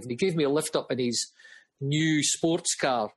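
A man's voice: mid-range voice, normal speed, slightly rough. A middle-aged man, a music promoter guest, telling rambling stories with frequent laughs. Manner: rambling, chatty, laughs often. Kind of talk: casual storytelling.

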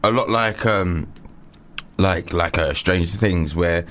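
A man's voice: low voice, slow pace, a bit bright. A young man, co-hosting a radio show in casual, joking banter, rambling and full of slang. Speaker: radio co-host.

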